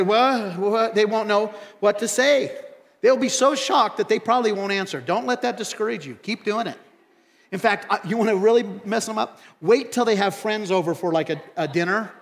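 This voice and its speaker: A pastor preaching a sermon in a church, animated and repeating phrases for emphasis. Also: male voice, high-pitched, moderate pace, creaky, in a large hall. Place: church sanctuary.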